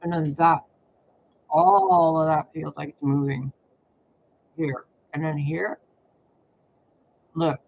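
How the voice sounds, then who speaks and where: Pausing frequently and speaking slowly, a man with a fairly high, vocal-fried voice rambles through his tarot readings. His casual monologue is profane, blunt and expressive, recorded with lo-fi sound.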